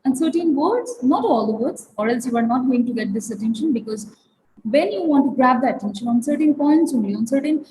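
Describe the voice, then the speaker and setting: A woman giving an online workplace training lecture, talking haltingly with many fillers and restarts. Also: high-pitched, lively intonation, a little mellow, a little hiss or hum, poor audio. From India. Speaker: webinar trainer.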